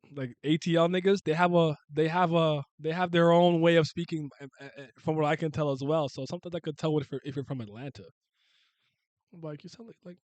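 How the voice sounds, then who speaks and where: A man's voice: a little high, no echo. 30s canadian guy streaming, rambly slangy chat, dry close sound. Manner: rambling, restarts and laughs, uses slang. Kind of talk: casual chat with viewers.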